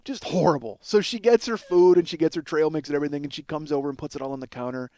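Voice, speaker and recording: A man who hosts a podcast, telling a comic story in a profane, excitable way full of stammered restarts. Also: a little high, quick pace, slight background noise. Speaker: podcast host and comedian.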